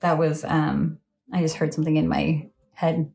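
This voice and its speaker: A woman's voice: sits low, level tone, moderate pace, gravelly, warm tone. A woman in her thirties giving a chatty, rambling tarot reading to her phone camera at home late at night, often apologizing and laughing. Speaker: tarot reader.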